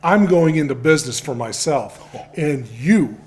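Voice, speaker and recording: A man's voice: on the high side, animated, unhurried. An actor playing a scheming small-town man blackmailing his cousin in a comic radio soap, sly and drawling.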